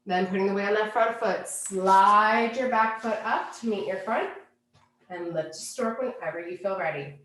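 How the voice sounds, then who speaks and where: A woman teaching a yoga class, giving calm, unhurried cues for poses and breathing. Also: medium pitch, roomy sound. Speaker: yoga instructor. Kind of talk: guided yoga class instruction.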